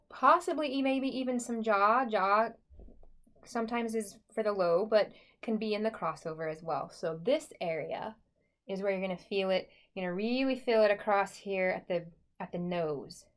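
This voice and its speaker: A woman voice teacher talking through a singing lesson in a chatty, encouraging way, with many likes and okays. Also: mid-range voice.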